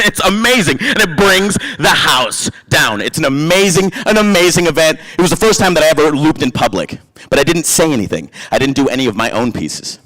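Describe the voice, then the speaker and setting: A man, a playwright and performer, reading spoken-word verse and telling stories in an animated way, acting out the voices of people he quotes. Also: on the high side, fairly quick.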